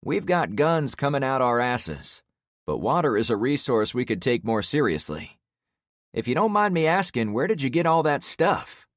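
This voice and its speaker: A man's voice: mid-range voice, very animated, moderate pace, dry recording, clean studio sound, voice pushed up, lightly acted. A man voicing a sweaty, friendly middle-aged neighbor man in a plain-spoken, chatty way for an audiobook. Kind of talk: audiobook character voice.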